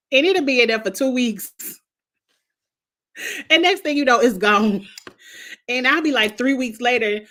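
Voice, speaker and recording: A woman's voice: fairly high pitch, a little slow, pauses often, a bit bright. Blunt, laughing woman chatting on a livestream. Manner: blunt and outspoken, laughs often; greets chat viewers by name between remarks. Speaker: show reviewer and livestream host. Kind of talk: casual livestream chat.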